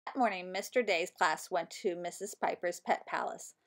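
An older woman reading a children's chapter book aloud as a storyteller, in an animated, expressive way. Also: lowish voice, moderate pace.

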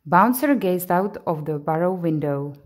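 A woman narrating a bedtime story in a gentle, expressive read-aloud manner. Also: lowish voice, unhurried.

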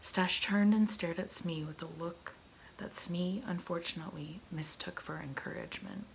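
Gravelly whispering woman reading aloud. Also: lowish voice, slight background noise, rough recording. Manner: slow, soft whispered reading. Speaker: ASMR reader. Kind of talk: whispered role-play.

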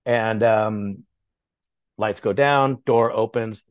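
Animated, profane man telling stories. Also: lowish voice, takes it slowly, clear, resonant tone, no room sound. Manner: animated, profane, acts out voices. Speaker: podcast guest. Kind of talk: casual storytelling.

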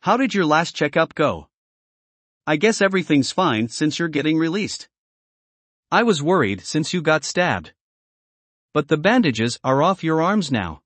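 A man's voice: on the high side, very animated, unhurried, long pauses, a bit bright, no echo, full character voice. A man voicing a nervous, earnest teenage boy who wants to be a hero, defensive and flustered.

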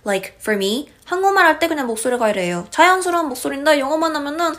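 A woman who is a native Korean speaker talks in a brisk, conversational way. She speaks extremely fast in a slightly high voice. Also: animated, fairly bright tone. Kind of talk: casual selfie-video chat.

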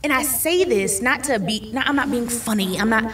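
A woman's voice: a little high, normal speed, fairly bright tone, distant mic, slight background noise. A woman in her thirties, a podcast guest, speaking candidly about her faith and often repeating phrases to reassure. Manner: emphatic, repeats phrases for comfort.

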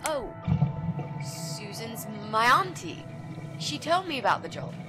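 A woman's voice: a little high, sing-song, takes it slowly. An actress voicing a pushy young female student in a game, eager and bossy, sweetly fake when she performs. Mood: sugary. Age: young adult. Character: pushy chirpy young woman student, scheming. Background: game music.

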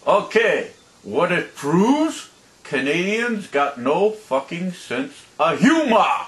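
An older man ranting on his vlog, profane and halting, with many fillers and angry outbursts. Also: high voice, very animated. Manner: angry shouting bursts. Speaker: vlogger.

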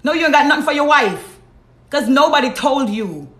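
A woman with a Jamaican accent talks bluntly into her live stream, lecturing her viewers and answering their comments. Her voice sits a little high and rings in a roomy, echoey space. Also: lively intonation, normal speed, fairly bright tone. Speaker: host. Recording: roomy echo.

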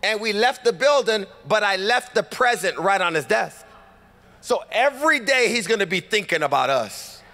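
Californian male pastor, high voice, lively storytelling sermon, reverberant church hall. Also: normal speed. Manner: animated, acts out dialogue, rhetorical calls to congregation. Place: church sanctuary.

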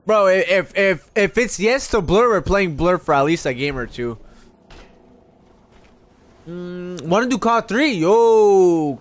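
A man streaming a live video game session, chatting to viewers in an excitable, constantly swearing way. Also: high-pitched, slow. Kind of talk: casual live gaming commentary.

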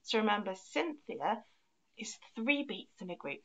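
Gravelly-voiced woman teaching kids' music. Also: mid-range voice, very animated, unhurried, lo-fi sound. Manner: encouraging, counts beats aloud with strong emphasis. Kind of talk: online music lesson for young children.

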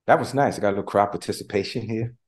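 A male preacher delivering a livestreamed sermon with call-and-response, at times quiet and emotional in prayer. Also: on the low side, very fast.

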